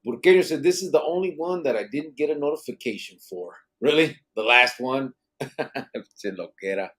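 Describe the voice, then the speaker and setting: A man's voice: mid-range voice, normal speed, a bit bright. A man hosting a casual live podcast, reading viewer comments aloud and dropping in Spanish slang. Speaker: podcast host.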